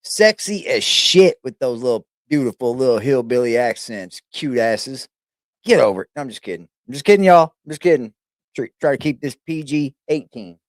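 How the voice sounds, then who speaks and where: A man's voice: mid-range voice, expressive, moderate pace, dry recording, clean studio sound. A man giving loose, profane, rambling reaction commentary on a stream, full of slang.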